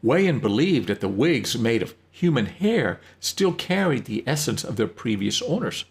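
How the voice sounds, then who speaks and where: A man narrating a story in an unhurried reading, with occasional slips. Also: mid-range voice, sing-song, gravelly.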